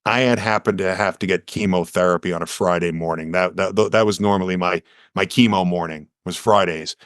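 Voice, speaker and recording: An American man tells his story earnestly as a podcast guest, acting out quotes with lively energy. His low voice moves fairly quickly, recorded dry with studio quality.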